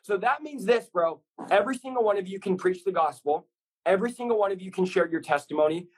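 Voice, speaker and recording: A man's voice: high-pitched, fast talker, husky, poor audio. A man in his thirties, a pastor telling his story as a guest, passionate and rambling in a preacherly way. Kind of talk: fast energetic testimony sharing.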